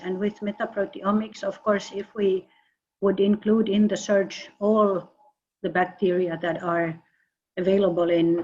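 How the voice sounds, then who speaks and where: A woman researcher answering questions in an online meeting, halting and often repeating words. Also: medium pitch, a little mellow. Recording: muffled video-call audio.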